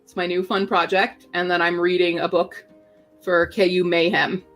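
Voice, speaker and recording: On this home writing-sprint livestream, the host chats playfully and speaks to her pet bird in a lowish, somewhat bright voice with little pitch movement. She keeps a moderate pace while soft background music plays.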